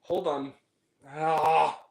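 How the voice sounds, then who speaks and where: A man co-hosting a casual podcast chat about movies, animated, swearing freely and breaking into laughter and exaggerated reactions. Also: on the high side, extremely slow, creaky, roomy sound, low-quality recording. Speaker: podcast co-host.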